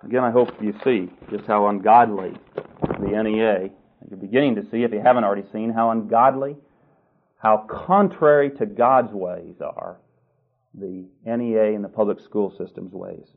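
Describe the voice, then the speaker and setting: A man's voice: on the low side, moderate pace, gravelly. A male preacher reads a text aloud in a sermon and comments on it critically and emphatically. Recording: tinny phone-like line.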